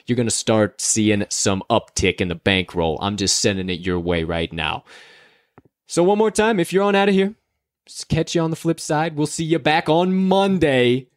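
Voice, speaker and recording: Energetic man hosting a betting podcast. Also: mid-range voice, dry recording, clean studio sound. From Chicago area. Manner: upbeat, hype-filled sign-offs. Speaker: sports betting podcast host. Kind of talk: casual chat.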